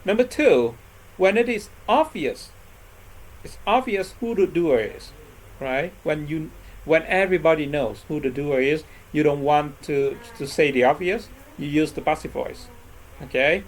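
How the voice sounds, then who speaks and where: An English teacher giving a grammar lesson to a live class, checking in with "okay?" and "right?" after almost every phrase and repeating example sentences slowly. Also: medium pitch, expressive, poor audio. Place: classroom with students.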